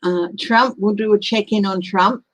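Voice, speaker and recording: A woman's voice: medium pitch, fairly even intonation, normal speed, highs cut off. A woman, hosting a casual tarot livestream and chatting in a rambling way while she thinks aloud. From Australia. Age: 50s.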